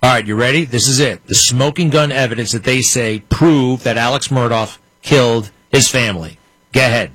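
A man's voice: mid-range voice, moderate pace, a bit bright, a little hiss or hum. A man giving casual, skeptical commentary as he plays and talks back at clips. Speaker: commentator host.

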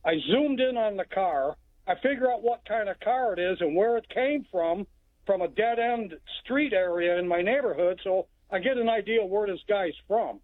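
A man from Texas calls in over a tinny phone line and tells his story plainly. His voice sits high for a man. He rambles and restarts often. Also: normal speed, no room sound. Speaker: caller.

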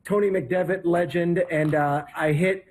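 Husky upbeat male podcast host. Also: a little high, steady tone, a little slow, darkish tone. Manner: chatty, storytelling, upbeat plugs. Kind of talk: casual podcast chat and sign-off.

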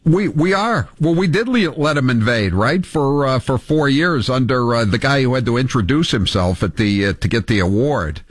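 A sarcastic man hosting a talk radio show, ranting with a lively, swooping delivery. The sound is dry and close to the mic. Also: medium pitch, no echo. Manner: animated, sarcastic, quick to rant.

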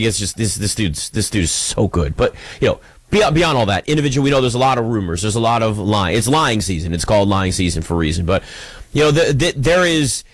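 A man's voice: on the low side, dry recording. A man hosting a sports radio show, talking casually and rambling, often restarting his sentences while he fights off allergies and an oncoming sneeze. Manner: rambling, chatty, self-interrupting.

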